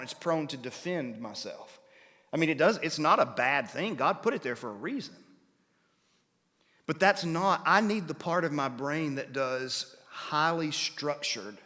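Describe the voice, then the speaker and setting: A man of middle pitch gives a conversational sermon, explaining each point patiently. He stops now and then to ask his listeners whether they follow. His voice carries the long reverb of a church hall. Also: pushed and bright. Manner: explains patiently, checks in with listeners by asking questions. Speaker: preacher. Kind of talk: conversational Bible-class sermon.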